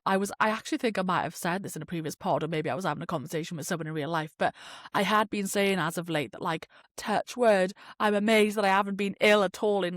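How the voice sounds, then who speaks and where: A woman's voice: medium pitch, dry recording, clean studio sound. A woman hosting her own podcast, chatting in a rambling, sweary way with lots of fillers while she has a cold. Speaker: podcast host. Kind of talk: casual solo podcast chat.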